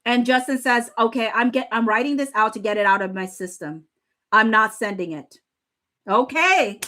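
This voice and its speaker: Woman, high voice, casual live stream commentary, reads messages aloud, emotional. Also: lively intonation, moderate pace, bright, forceful tone. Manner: emotional, laughing and near tears while reading. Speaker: livestream commentator.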